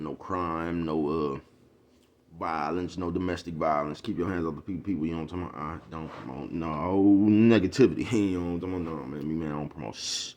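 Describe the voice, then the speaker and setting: A man ranting casually to his viewers in street slang, profane and preachy, forever asking if they know what he's talking about. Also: a bass voice. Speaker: vlogger. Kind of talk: casual rant to the camera.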